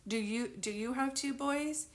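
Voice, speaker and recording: A woman's voice: high voice, measured pace. Rambling, giggly woman psychic. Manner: giggly, rambling, thinking aloud. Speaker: psychic medium. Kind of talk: live reading, casual chat.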